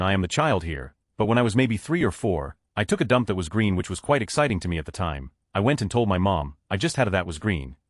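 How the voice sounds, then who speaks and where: A man's voice: fairly low pitch, no room sound, studio quality. A man narrating online posts as a series of numbered stories. He reads them straight through and voices the children's quotes in his own voice. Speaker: narrator of a story channel.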